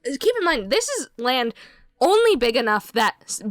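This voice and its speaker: A woman co-hosting a casual podcast, telling a story with lots of swearing and acted-out shouted quotes. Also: high-pitched, normal speed, no room sound. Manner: animated, swears a lot, acts out shouted quotes. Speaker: podcast co-host.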